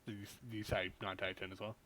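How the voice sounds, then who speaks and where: A man's voice: on the low side, level tone, very fast, pushed and bright. A man hosting a casual podcast chat, bantering with friends, stammering through restarts and laughing often. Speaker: podcast host.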